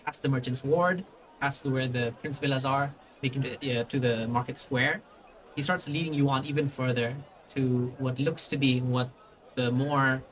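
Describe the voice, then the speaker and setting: A man's voice: medium pitch, fairly bright tone, slight background noise. A man narrating as game master of a tabletop game, rambling with many fillers and restarts.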